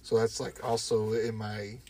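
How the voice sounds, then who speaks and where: A man's voice: fairly low pitch, monotone, a little slow, warm tone, a little hiss or hum. A man in his thirties, a podcast co-host, telling a casual story and swearing often. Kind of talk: casual chat.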